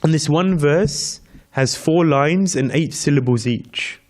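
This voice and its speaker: A man with a somewhat high, slow, slightly mellow voice leads a devotional scripture class. He tells a story full of repeated counting, chants Sanskrit verses, and shares light laughter with his listeners.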